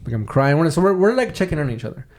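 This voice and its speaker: On his podcast, a young male host tells a long personal story in a slightly high, darkish voice that is very animated and rapid-fire. He's casual and rambling, swears often, and keeps restarting his sentences.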